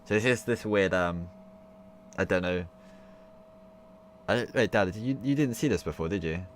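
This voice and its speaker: A man's voice: sits low, moderate pace. A young man live-streaming a visual novel, rambling casually with lots of fillers and the odd swear. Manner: rambling, filler-heavy, swears, laughs loudly. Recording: noisy stream audio with hum.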